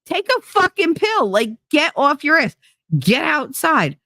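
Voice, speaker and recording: A woman's voice: high voice, very animated, pushed and bright, dry recording, clean studio sound. A middle-aged woman hosting a podcast, telling a story in a blunt, profane, casual way and acting out both sides of each conversation. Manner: blunt, profane, quick to swear; acts out both sides of conversations in shifting voices. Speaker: podcast host.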